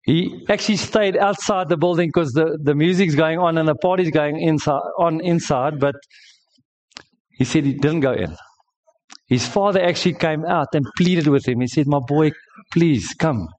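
A male preacher, delivering an emphatic sermon in a church service. His voice sits a little higher than most men's. He tells stories and jokes with the congregation as he preaches. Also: moderate pace, darkish tone. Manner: storytelling, emphatic, joking with the congregation.

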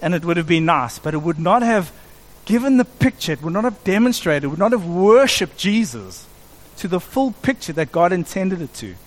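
A middle-aged man preaching a sermon in an animated way, acting out quoted voices as he goes. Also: high-pitched, moderate pace. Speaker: pastor.

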